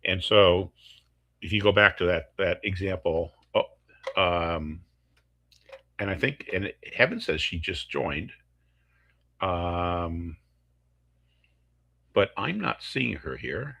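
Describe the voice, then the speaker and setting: A man's voice: low voice, animated, takes it slowly, gravelly, pauses often, pushed and bright. A man, a course instructor, explaining teaching techniques step by step through worked examples over a video call.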